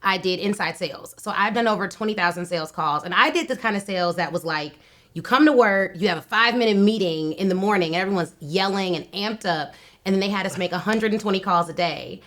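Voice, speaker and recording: A woman in her thirties speaks as a podcast guest, recounting her working past with energy. She laughs often and talks in a relaxed, conversational way. Her voice sits at an ordinary middle pitch. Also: fast talker. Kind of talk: casual interview conversation.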